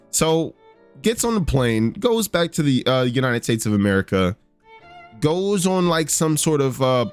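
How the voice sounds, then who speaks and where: A man giving rambling, profane casual commentary, full of fillers and restarts. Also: mid-range voice. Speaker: podcast host.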